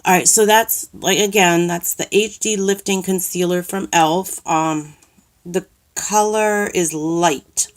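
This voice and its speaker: A woman with a New York accent chatting slowly through a makeup tutorial in a cluttered room at home. She rambles, fills the gaps with ums and restarts her sentences, and sounds a little nervous in front of the camera. Her voice sits somewhat low. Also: fairly even intonation. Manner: self-conscious, says she is nervous on camera. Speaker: makeup vlogger. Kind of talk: casual makeup tutorial chat.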